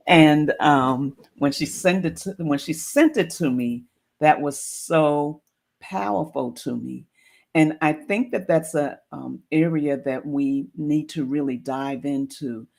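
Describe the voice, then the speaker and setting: A woman's voice: low-pitched, slow pace, vocal fry, a little mellow. A woman hosting a streamed talk show, reflective and encouraging, with loose, easy phrasing. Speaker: show host.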